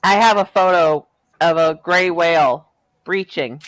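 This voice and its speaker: A woman's voice: lowish voice, measured pace, a bit bright, dry recording, low-quality recording. A middle-aged woman co-hosting a podcast, telling an enthusiastic story in casual chat. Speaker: podcast co-host.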